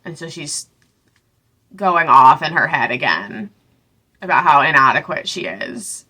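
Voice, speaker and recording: A young woman sarcastically recaps a book in a casual chat, tossing in asides and quick voices for each character. Her voice is bright and a little lower than most women's. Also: lively intonation, breathy edge. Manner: sarcastic, chatty, full of "like" and asides. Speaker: book reviewer.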